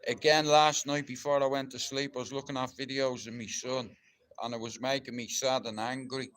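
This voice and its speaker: A rough-spoken Irish man in middle age, talking casually on a live stream. His voice sits at an ordinary male pitch, and he swears freely. When something sets him off, he turns into a loud, ranting talker. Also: little pitch movement, normal speed. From Ireland. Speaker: livestreamer.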